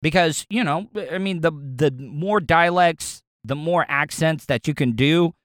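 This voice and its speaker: A man's voice: a little high, measured pace, fairly bright tone, no room sound, studio quality. A man with a Southern US accent hosting his own podcast, chatting loosely and rambling with repeated words. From American South. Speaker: podcast host. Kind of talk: casual solo podcast talk.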